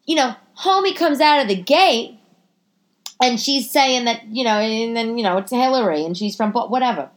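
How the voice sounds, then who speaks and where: A woman with a slightly high, expressive voice hosts her podcast solo from her living room, speaking into a computer microphone at a moderate pace. Her comedic monologue rambles, is profane and self-mocking, and is full of restarts.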